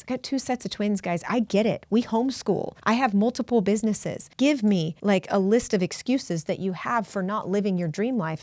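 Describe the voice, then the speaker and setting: A woman's voice: fairly low pitch, a little mellow, no echo, studio quality. Emphatic woman giving a motivational talk. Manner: emphatic, preachy, repeated commands. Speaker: chiropractor and podcast host.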